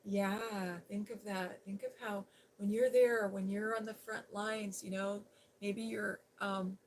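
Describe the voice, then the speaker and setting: A woman hosting a Christian livestream, sharing a personal story in a soft, gentle, earnest voice that sometimes sinks to a near-whisper. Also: mid-range voice, steady tone, slow, low-quality recording. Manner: drops to a near-whisper at times. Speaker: Christian ASMR livestream host. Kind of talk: softly spoken personal testimony on a livestream.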